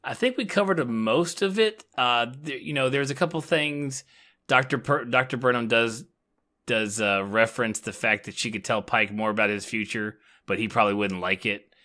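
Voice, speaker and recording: A man co-hosting a TV review show, recapping plot in a relaxed way with hesitant fillers. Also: medium pitch, normal speed. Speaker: podcast co-host. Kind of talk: casual chat.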